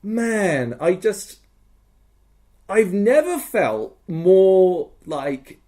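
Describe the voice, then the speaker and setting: A man's voice: sits high, big pitch swings, very slow, dark tone. A young man talking as a podcast guest in casual chat, rambling and enthusiastic, swearing freely.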